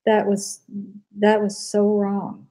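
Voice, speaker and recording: A middle-aged woman speaks as an interview guest, her voice warm and mellow. She tells earnest stories in a casual way, with plenty of fillers. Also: medium pitch, completely flat delivery, slow, low-quality recording. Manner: earnest storytelling, frequent fillers.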